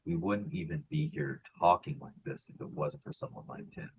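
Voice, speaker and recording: A man co-hosting a podcast in emotional casual chat, animated, swinging from soft and quiet to loud excited bursts. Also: low-pitched, moderate pace, few pauses, noisy background. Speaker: podcast co-host.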